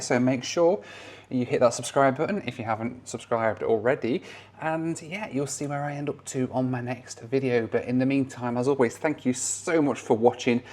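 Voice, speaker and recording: A man's voice: mid-range voice, darkish tone. A man in his thirties, casually vlogging his travels to the camera in a chatty, upbeat way.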